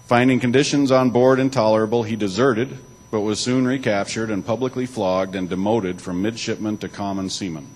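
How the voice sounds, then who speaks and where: A man's voice: fairly low pitch, fairly even intonation, fairly quick, a little mellow, rough recording. A man giving a church talk, alternating between reading aloud and loose spoken asides, with occasional restarts. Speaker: church speaker.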